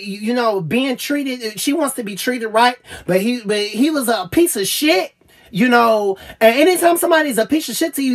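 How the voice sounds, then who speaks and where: A woman gushing over an album in a casual review vlog, swearing freely and stammering with repeated fillers, at times choking up and trailing off quietly. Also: medium pitch. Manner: gets choked up and trails off quietly. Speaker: music reviewer.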